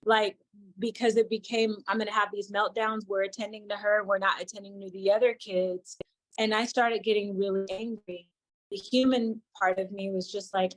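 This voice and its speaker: A woman's voice: mid-range voice, flat delivery, normal speed, dry recording, rough recording. Candid woman telling a story. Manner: candid, reflective, acts out quoted dialogue. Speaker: youth mentor. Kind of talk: personal storytelling talk.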